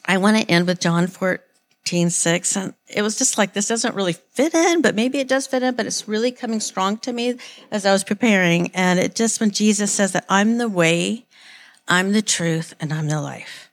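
A woman's voice: mid-range voice, moderate pace. Earnest woman giving a casual sermon. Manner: earnest, rambling, with frequent likes and restarts. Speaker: church speaker. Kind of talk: informal sermon.

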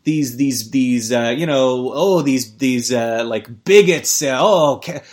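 A man's voice: medium pitch, slow pace. A man hosting a podcast in a rambling, stammering comic rant full of swearing and restarts. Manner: rambling, stammering, profane, jumps to mock ad reads. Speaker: podcast host. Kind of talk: rambling comedic podcast chat.

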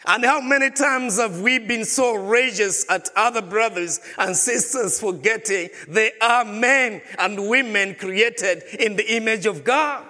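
A man's voice: high-pitched, measured pace, few pauses, sharp tone, in a large hall. A man preaching a sermon as a pastor, asking the congregation question after question. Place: church.

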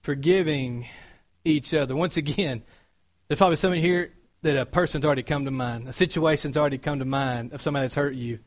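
A man preaching a sermon in a conversational, storytelling way, growing animated as he recounts events. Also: a little high, fast talker.

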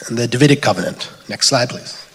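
A man with an Australian accent giving a relaxed, chatty sermon with slides, thinking aloud as he goes. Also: medium pitch, quick pace. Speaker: preacher. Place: church hall. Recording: long hall reverb.

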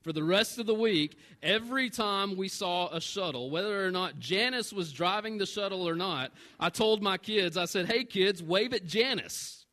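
Man, pastor, thirties, fairly high voice, chatty sermon storytelling. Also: normal speed, few pauses. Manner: conversational and self-mocking, with animated retold dialogue.

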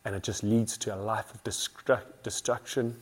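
A man's voice: lowish voice, little pitch movement, moderate pace, slightly rough. A man preaching an earnest sermon as a pastor, building emphasis through repeated phrases.

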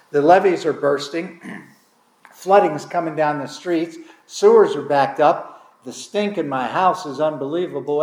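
A man's voice: fairly high pitch, a little mellow. A man preaching a sermon to his congregation, telling the story in a conversational way with dramatic swings of emphasis. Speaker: pastor. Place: congregation hall. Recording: echoey room.

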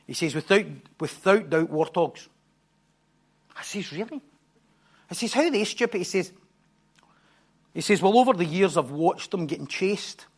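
A man preaching a sermon, telling a story with animated repetition and stumbling restarts. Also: high voice, unhurried, pauses often, slightly rough.

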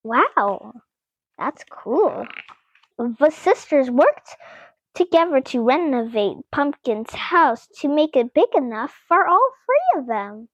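A woman reads a children's picture book aloud in a high, very lively voice. She stops often to chat playfully with young listeners, exclaiming over the pictures, at an unhurried pace. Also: no room sound, highs cut off. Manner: playful, exclaiming, chats to kids. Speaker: children's author reading aloud.

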